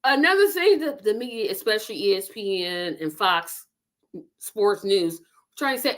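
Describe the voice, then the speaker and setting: A middle-aged woman hosting a live online talk show, giving casual, opinionated commentary with emphatic, animated delivery and talking straight to her viewers. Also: sits high, normal speed.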